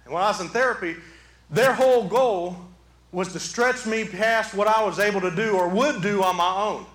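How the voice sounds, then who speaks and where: A man preaching a sermon from the pulpit, animated, swinging from quiet talk to shouting. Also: high voice, moderate pace. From southeastern Michigan. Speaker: pastor. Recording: echoey hall.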